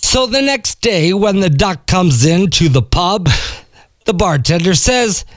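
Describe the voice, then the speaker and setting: Animated high-voiced man telling a joke. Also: unhurried, no echo, studio quality. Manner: animated storyteller, acts out the dialogue.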